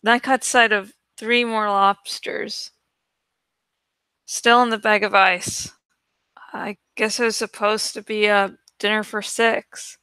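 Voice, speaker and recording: A woman with a high, bright voice reading a novel aloud at an easy, slow pace. She stumbles and restarts lines as she goes, with a dry, close recording and no room sound. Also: steady tone, smooth, dry recording. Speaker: book reader.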